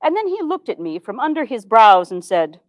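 A woman's voice: on the high side, sing-song, dry recording, poor audio. A woman playing a dignified 1860s woman reformer. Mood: recounting. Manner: formal, measured old-fashioned diction. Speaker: historical reenactor. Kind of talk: first-person historical monologue.

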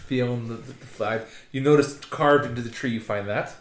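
A man running a tabletop game as game master, narrating haltingly with restarts and chuckles. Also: mid-range voice. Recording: echoey room with background noise.

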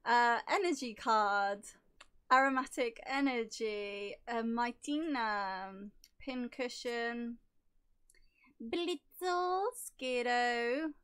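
A woman whose voice is going hoarse, chatting casually and giggling as she opens trading cards. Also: on the high side, fairly bright tone. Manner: giggly, self-mocking, gushing over cute cards. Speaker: card-opening vlogger. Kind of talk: casual unboxing chat.

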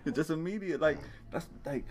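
A man giving loose, crude, excitable commentary while reacting to videos, often breaking into laughter. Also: on the high side, fairly quick, very noisy.

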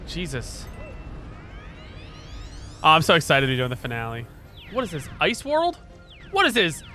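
A young man commenting on a video game as he plays, excitable and prone to loud, swearing outbursts. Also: high-pitched, moderate pace, long pauses. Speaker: gaming streamer. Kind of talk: let's play commentary. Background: game music.

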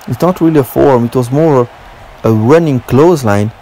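A young man giving excitable play-by-play commentary on a wrestling video game, correcting himself as he goes and shouting at the big moves. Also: medium pitch, normal speed, a little hiss or hum, rough recording. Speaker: gaming commentator.

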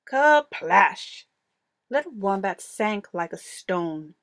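A woman reading a children's picture book aloud in an expressive, playful way. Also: on the high side, unhurried. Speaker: storyteller. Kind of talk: storybook read-aloud.

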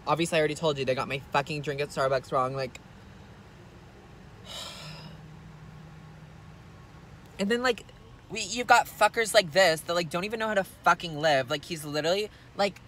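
A man's voice: on the high side, expressive, a little fast, a bit bright. A man playing a whiny, spoiled rich girl. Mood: furious, ranting. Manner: whiny valley-girl drawl, constant "like" and swearing. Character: spoiled, foul-mouthed entitled rich young woman. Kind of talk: comedic parody vlog. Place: in a car.

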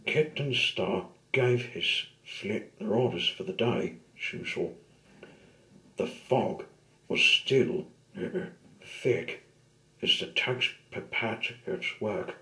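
A man's voice: fairly low pitch, pushed and bright, echoey room. A man reading a children's storybook aloud, with occasional asides. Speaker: storybook reader.

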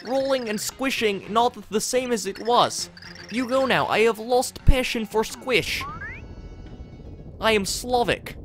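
A man voicing a gruff male brute fighter in a video game, talking broken English in a put-on Slavic accent. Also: extremely high pitch, slow pace, a bit bright, faint music behind, voice pushed up, heavily acted.

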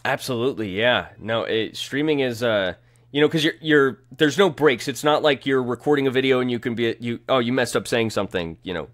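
Male interview guest, mid-pitched, upbeat and rambling, casual chat. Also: a little fast, fairly bright tone. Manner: upbeat, rambling, many fillers and restarts. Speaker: guest streamer and shiny hunter.

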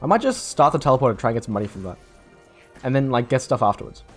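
A man's voice: mid-range voice, big pitch swings, very fast, soft background music. A young man rambling through casual gameplay commentary late at night, tired, self-deprecating and swearing freely. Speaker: gaming YouTuber.

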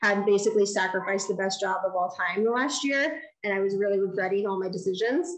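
A woman giving a design lecture, telling a story in an animated way and acting out the dialogue. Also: medium pitch, quick pace, echoey room, rough recording. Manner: animated, acts out quoted dialogue. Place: lecture hall.

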